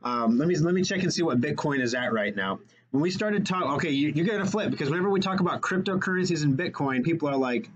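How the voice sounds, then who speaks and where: A man hosting a radio show, talking fast and energetically in casual chat and correcting himself as he goes. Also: fairly high pitch, expressive, muffled recording.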